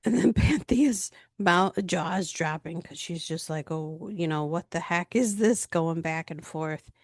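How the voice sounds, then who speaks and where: Slow, gravelly-voiced woman recapping TV. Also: fairly low pitch, no room sound, studio quality. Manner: chatty retelling with frequent fillers. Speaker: reality TV recap vlogger. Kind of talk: casual episode recap.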